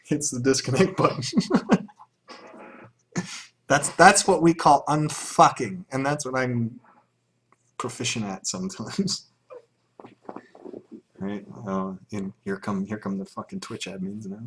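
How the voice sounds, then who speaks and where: A man's voice: medium pitch, slow pace, pauses often, a little hiss or hum. A man chatting casually on a livestream, answering questions from chat in a rambling, profane way and laughing often.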